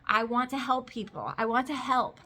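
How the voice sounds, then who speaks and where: Speaking at a moderate pace, this vlogger mom of boys has a slightly high, pushed, bright voice. In her thirties, she chats to camera about her life in an emphatic, storytelling way, filled with "like."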